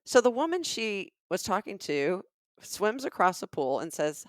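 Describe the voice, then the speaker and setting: A woman's voice: mid-range voice, normal speed, no echo, studio quality. A middle-aged Southern woman with a Southern US accent, a podcast co-host telling a comedic story and acting out the voices of the people in it. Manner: animated, acts out the dialogue of people in her stories.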